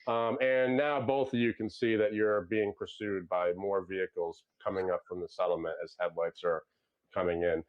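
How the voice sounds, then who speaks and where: A man narrating a tabletop game as game master, in a loose, halting way with many fillers. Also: sits low, fairly even intonation. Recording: dull lo-fi sound.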